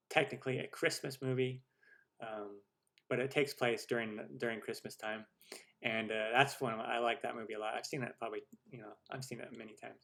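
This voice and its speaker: A man in his forties hosts a live question-and-answer stream, talking loosely and jokingly about himself. He rambles with lots of ums and restarts, in an ordinary mid-pitched voice. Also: vocal fry. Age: 40s. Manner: chatty and rambling, self-deprecating jokes, many fillers. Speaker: cooking show host.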